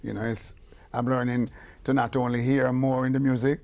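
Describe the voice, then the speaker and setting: Older Jamaican male producer, casual raconteur, animated delivery. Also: medium pitch, moderate pace, vocal fry. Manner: animated, acts out voices in anecdotes. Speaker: veteran reggae producer. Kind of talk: casual storytelling interview.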